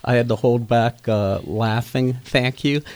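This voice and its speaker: A man hosting a radio interview, relaxed and hesitant, with many fillers. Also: mid-range voice, a little slow. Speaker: radio host. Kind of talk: casual interview wrap-up.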